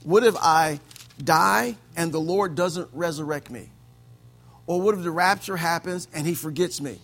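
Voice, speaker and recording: High, gravelly-voiced male pastor preaching. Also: a little slow, a bit bright, faint music behind. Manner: conversational preaching, peppered with "amen" and chuckles. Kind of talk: sermon. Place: church service with congregation.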